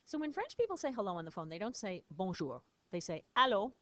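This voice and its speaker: A woman's voice: mid-range voice, wildly swooping pitch, fast talker, darkish tone, no room sound. A woman teacher patiently explaining French phrases in a recorded lesson, spelling words out.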